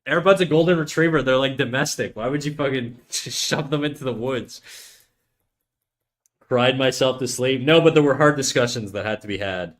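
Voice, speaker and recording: A man talks to his viewers as he draws, in a loose and rambling way. He jokes around, restarts his sentences and wanders between drawing tips and asides. His voice sits at an ordinary middle pitch. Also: moderate pace. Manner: rambling, self-interrupting, jokey. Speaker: streamer giving drawing tips. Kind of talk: casual livestream chat while drawing.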